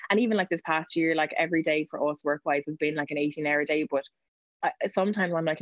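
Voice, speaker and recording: A woman with an Irish accent, a news reporter chatting as a podcast guest, telling quick anecdotes and laughing often. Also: deep voice, dry recording, muffled recording. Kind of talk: casual podcast interview.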